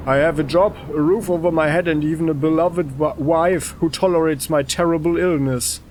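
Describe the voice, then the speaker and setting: A man voicing a nervous male clerk in a game who blurts out shouted words and then apologizes meekly. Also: a little high, fairly even intonation, moderate pace, a little hiss or hum, natural voice. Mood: sheepish.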